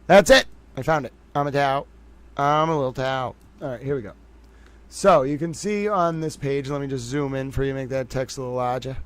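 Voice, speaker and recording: A man's voice: fairly high pitch, dry recording. A man hosting a casual livestream and commenting on a court case, rambling and joking about himself. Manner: rambling, chatty, self-joking. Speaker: livestream host covering a trial.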